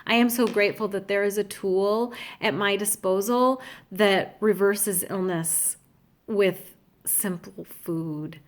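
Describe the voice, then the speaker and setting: Middle-aged woman, heartfelt confessional vlogger, earnest and halting. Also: medium pitch. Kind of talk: candid personal vlog.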